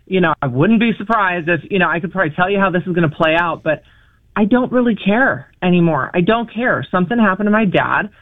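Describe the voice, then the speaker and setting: A woman calling in to a radio talk show, speaking emotionally and haltingly, often restarting her sentences. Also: fairly low pitch, lively intonation. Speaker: caller. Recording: tinny phone line.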